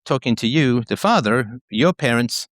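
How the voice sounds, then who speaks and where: Lively, frank male call-in host. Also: mid-range voice, moderate pace, no echo. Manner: frank, probing, lively delivery. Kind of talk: call-in show conversation.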